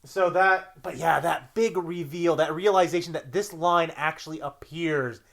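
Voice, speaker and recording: A man from Canada co-hosting a podcast in casual chat, excitable and prone to jokey exaggeration. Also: on the high side, a little slow, gravelly. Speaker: podcast co-host.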